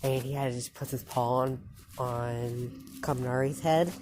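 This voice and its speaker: A woman telling an improvised fan story in a halting, loose way, with quick quoted lines. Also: very deep voice, steady tone, noisy background.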